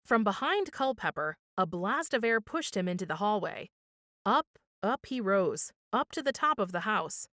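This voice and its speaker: Woman, children's storytime reader, animated, dry close sound. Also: medium pitch, moderate pace, dry recording. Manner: expressive, lively reading. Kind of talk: children's storytime read-aloud.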